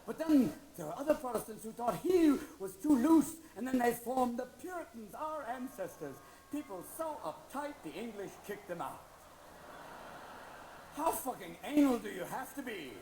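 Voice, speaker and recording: Animated high-voiced male stand-up comic. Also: moderate pace. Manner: animated, puts on character voices. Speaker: stand-up comedian. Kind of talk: stand-up comedy set. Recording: echoey venue with room noise.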